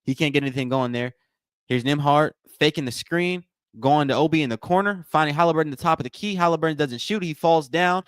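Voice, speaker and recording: A man's voice: a little high, fast talker, fairly bright tone, smooth, no room sound, clean studio sound. Casual man calling a game live. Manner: casual, repetitive, addresses viewers as y'all. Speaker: watch party host.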